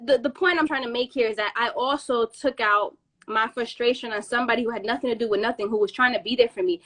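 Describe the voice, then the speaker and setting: A high-pitched woman talks in a loose, animated way, jumping into other people's voices as she tells the story. Her talk is full of street slang and swearing, easy and conversational. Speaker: podcast host. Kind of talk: casual storytelling chat.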